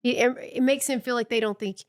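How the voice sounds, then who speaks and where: A woman from the American South co-hosting a podcast in casual chat. She talks frankly, pushes back with questions and adds quick agreeing remarks. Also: fairly high pitch, fairly even intonation. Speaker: podcast co-host.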